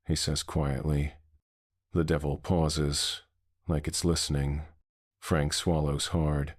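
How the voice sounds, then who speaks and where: A man narrating a scripted horror story in a measured, somber way. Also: rumbling low, level tone, breathy edge, dry recording, studio quality.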